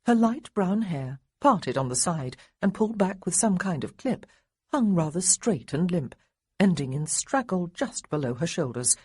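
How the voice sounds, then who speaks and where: Female audiobook narrator, husky and breathy, animated delivery, dry booth sound. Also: on the low side, unhurried, no echo. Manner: expressive, lively character dialogue.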